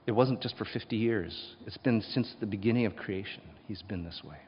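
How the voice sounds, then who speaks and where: A male pastor preaching a sermon, swinging between hushed and loud passages and acting out voices. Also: on the low side, brisk, slight background noise. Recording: dull sound with long hall reverb.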